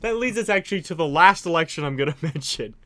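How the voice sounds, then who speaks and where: Young man, co-host, smooth clear voice, slightly high, casual political chat. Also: expressive, fast talker, bright, forceful tone. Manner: chatty, hedging, laughs often.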